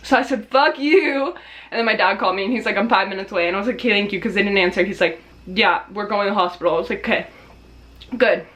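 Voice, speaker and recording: A woman's voice: medium pitch, steady tone, racing, a bit bright. A woman vlogger telling a storytime in a casual, dramatic way, swearing freely and laughing as she tells it. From Australia.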